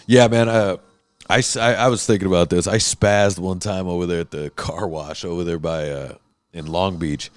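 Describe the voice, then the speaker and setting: A man with a fairly low voice, hosting a loose podcast chat. He tells animated stories and belts out the quoted lines. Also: normal speed, clear, resonant tone, no echo. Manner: animated storyteller, acts out quotes loudly. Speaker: podcast host. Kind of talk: casual profane chat.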